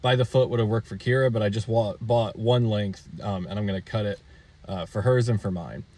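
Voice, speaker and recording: A man's voice: lowish voice, fairly even intonation, fairly quick, dark tone. Amused rambling man telling a story. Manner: rambling, amused, with fillers and restarts. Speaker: DIY vlogger. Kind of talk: casual storytelling.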